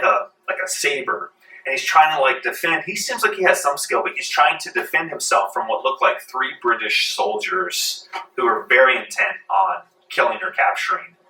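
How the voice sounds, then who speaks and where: A man's voice: fairly high pitch, creaky, pushed and bright. A man narrating a tabletop game as game master, describing scenes with frequent fillers. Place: library meeting room. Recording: echoey room, far from mic.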